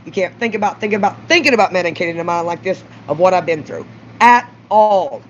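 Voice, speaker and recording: A blunt Southern woman from Mississippi vents to camera in a raw confessional vlog, rambling and cursing with bursts of raised voice. Her pitch is fairly low and animated, her pace a little quick, and the dull lo-fi audio has slight background noise.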